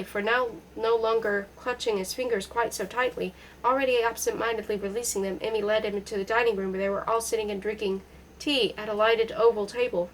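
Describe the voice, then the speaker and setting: A woman narrating a literary novel in a measured, steady audiobook style. Her voice sits slightly higher than most, and a faint hiss of background noise runs under the reading. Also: rough recording. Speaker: audiobook reader.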